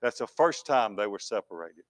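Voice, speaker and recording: A male pastor preaching a sermon to his congregation. He talks to them directly, climbs to shouted peaks and drops to soft, quiet lines. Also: on the low side, expressive, moderate pace, dry recording.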